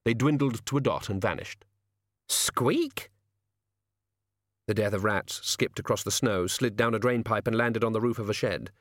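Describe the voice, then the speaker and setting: A man narrating an audiobook in a measured, dry storytelling manner, close to the mic. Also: fairly low pitch, no room sound. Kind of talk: scripted narration.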